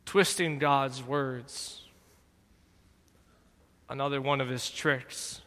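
A man giving dramatic scripted narration in a slow, deliberate, solemn manner. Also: mid-range voice, fairly even intonation, a bit bright, in a large hall.

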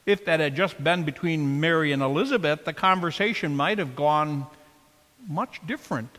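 A male pastor preaching a sermon, expressive and emphatic, often asking the congregation questions, in a church. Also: a little high, normal speed, big-room sound.

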